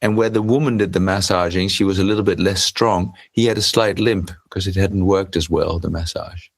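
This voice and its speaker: Co-host: man with a very deep voice, halting storyteller, dry close sound. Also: fairly even intonation, creaky, no room sound. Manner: hesitant, with many restarts while telling a story. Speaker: podcast co-host. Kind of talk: storytelling in casual conversation.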